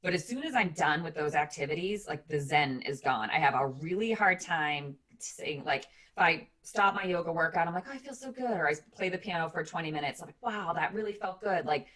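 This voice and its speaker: A woman with a low voice co-hosts a relaxed podcast chat. She sounds like she's in her forties. She talks candidly and chattily, and her speech is full of fillers. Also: fairly quick, hardly any pauses. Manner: animated mimicry of her kids in high voices. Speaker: podcast co-host. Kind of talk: casual chat.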